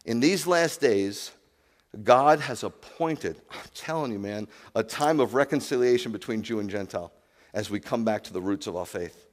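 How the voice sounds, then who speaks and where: A man preaching a sermon as rabbi, animated, swinging from loud exclamations to quiet asides. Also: lowish voice, moderate pace, long reverb tail.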